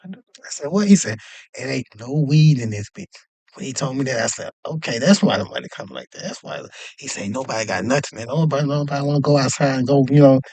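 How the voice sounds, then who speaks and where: A young man casually telling a long, animated story, jumping up in pitch whenever he acts out other people's lines. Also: quick pace, no room sound. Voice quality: animated, acts out quoted voices with jumps in pitch. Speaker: podcast host.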